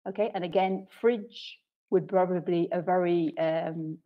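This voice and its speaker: A woman training English teachers in an online session, explaining patiently and clearly with frequent "okay"s. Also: fairly low pitch, steady tone, a little slow, phone-quality sound. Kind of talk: webinar teaching talk.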